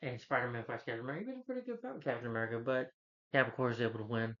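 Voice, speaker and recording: A man casually retells a movie's plot, full of fillers and quick quoted lines. His voice sits in the middle range. The recording sounds dull and lo-fi. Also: mid-range voice, lively intonation, a bit bright. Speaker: movie reviewer. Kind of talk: casual film recap.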